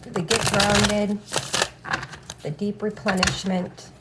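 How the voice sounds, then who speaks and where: A woman's voice: mid-range voice, little pitch movement, slow, very noisy. A woman giving a casual tarot reading, blunt and profane, with a habit of saying "all right" again and again. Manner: blunt, swears freely, repeats "all right". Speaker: tarot reader.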